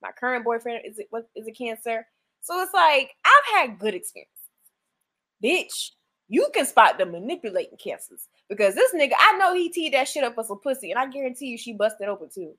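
A woman's voice: fairly high pitch, sing-song, brisk, pushed and bright. A woman co-hosting a casual chat, recapping reality TV bluntly and profanely, with mocking put-on quotes. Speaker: podcast co-host.

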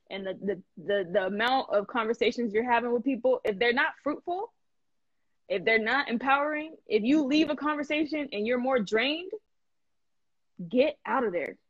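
A woman hosting a live stream in casual chat, animated and emphatic, laughing often and full of slang. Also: a little high, no echo, highs cut off. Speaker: host.

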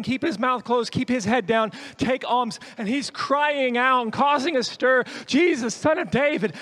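A man with a fairly high voice preaches a sermon as a guest speaker. He tells the story vividly, swinging between quick, loud stretches and low, quiet asides. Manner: storytelling, lively shifts in pitch and loudness.

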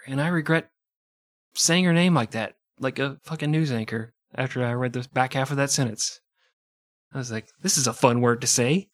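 A man's voice: medium pitch, normal speed, dry recording, clean studio sound. A man narrating history as a podcast host, with profane, jokey asides. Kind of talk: irreverent comedic history narration.

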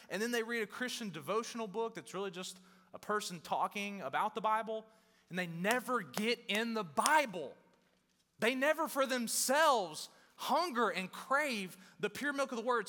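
A man's voice: high-pitched, pushed and bright. A young male pastor preaching a sermon in a casual, conversational way, with emphatic bursts and acted-out quotes of churchgoers. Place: church hall. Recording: long hall reverb.

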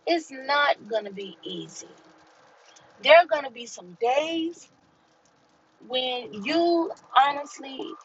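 A woman gives a slow, deliberate inspirational faith talk on her podcast, pausing between phrases like a preacher. Her voice sits a little high and comes across breathy and husky. The recording sounds dull and lo-fi. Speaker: podcast host.

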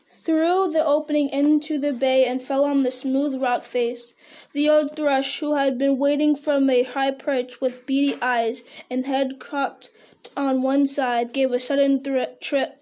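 A woman's voice: high voice, little pitch movement, slow pace, dark tone. A woman reading a novel aloud in an unpolished way, stumbling over words and restarting them. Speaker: reader.

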